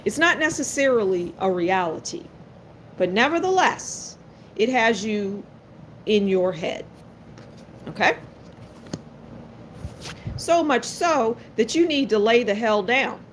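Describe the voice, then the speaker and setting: A tarot card reader does a live-stream reading, speaking straight to her viewers in a blunt, sassy way. Her voice is on the high side and very animated, slow with long pauses, and a little hiss or hum is audible.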